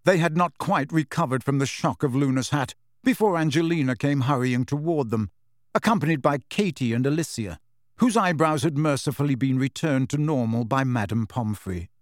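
A man's voice: mid-range voice, expressive, dry recording. Man reading a storybook, dry close sound. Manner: measured storytelling. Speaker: audiobook narrator. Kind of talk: scripted narration.

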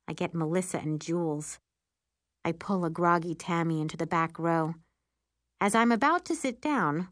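Female audiobook narrator, lowish voice, unhurried, wry and expressive, dry close studio sound. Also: dry recording. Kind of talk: first-person audiobook narration.

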